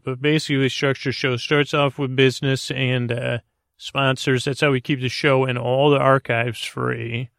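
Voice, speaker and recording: A man hosting a bedtime podcast, rambling through a meandering intro in a soft, drowsy, creaky voice. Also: medium pitch, no room sound, clean studio sound. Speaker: podcast host.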